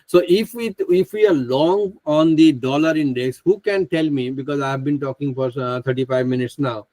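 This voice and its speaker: A man's voice: a little high, moderate pace, dark tone, dry recording, rough recording. A man teaching a live online trading class, speaking with many fillers and restarts into a computer microphone on a video call. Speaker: trading instructor.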